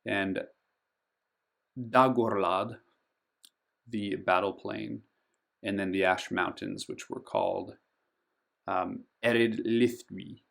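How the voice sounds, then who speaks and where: A man with a gravelly, somewhat low voice gives a pronunciation tutorial and speaks in an unhurried, measured way. He stretches out and stresses each name he teaches and pauses often with ums between them. He sounds like a hobbyist host talking into a desktop mic. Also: animated, a bit bright. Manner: slow and careful, stretching out the names he teaches, with frequent ums. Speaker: board game channel host. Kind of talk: pronunciation tutorial over a map.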